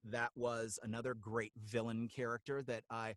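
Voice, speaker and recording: Bright, animated male voice actor. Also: medium pitch, normal speed, few pauses, no room sound. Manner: animated, gropes for names, drops into voices mid-sentence. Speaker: guest voice actor. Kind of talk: casual interview chat.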